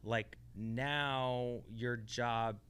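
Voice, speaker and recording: A man's voice: mid-range voice, steady tone, very slow, fairly bright tone, clean tone. A man co-hosting a casual podcast, reflecting and explaining ideas at length. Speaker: podcast co-host. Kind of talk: casual conversation.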